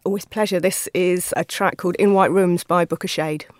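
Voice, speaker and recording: A woman chatting as a guest, giggly and bright. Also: lowish voice, fairly even intonation, normal speed, dry recording, clean studio sound. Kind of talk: casual chat.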